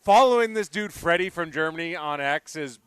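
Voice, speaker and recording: Animated, smooth-voiced male radio host. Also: on the high side, a little fast, no echo, studio quality. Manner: animated, rambling storyteller. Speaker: radio sports show host. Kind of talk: casual on-air chat. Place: live remote broadcast at a park venue.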